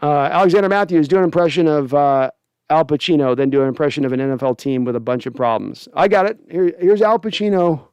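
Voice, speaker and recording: A man's voice: a little high, quick pace, a little mellow, clean tone, no echo. A man hosting a sports podcast, casually chatting and reading viewer comments aloud. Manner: chatty, laughs often, reads comments aloud. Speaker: podcast host.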